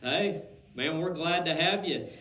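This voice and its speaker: A man's voice: on the high side, measured pace, pushed and bright. A man hosting a fishing radio show, chatting in an easygoing, folksy way and a little out of breath. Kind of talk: casual radio interview. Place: radio studio. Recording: roomy studio echo.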